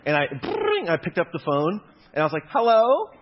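A man's voice: a little high, wildly swooping pitch, a little fast, noisy background. A young man giving a casual, conversational sermon, mixing scripture reading with self-deprecating personal stories and frequent laughter. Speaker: preacher. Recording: dull lo-fi recording.

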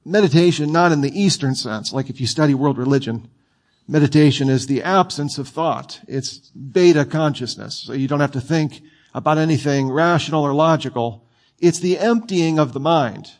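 A man's voice: a little high, normal speed. Man preaching a conversational sermon. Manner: conversational and playful, with asides to the audience.

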